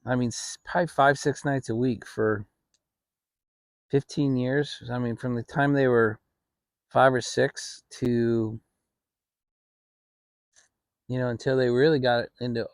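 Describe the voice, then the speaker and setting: A middle-aged man hosting his own channel, telling a family story in a relaxed, rambling way with frequent restarts. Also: medium pitch, unhurried, long pauses, no echo. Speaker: channel host. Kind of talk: casual storytelling. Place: home, relaxed fireside setting.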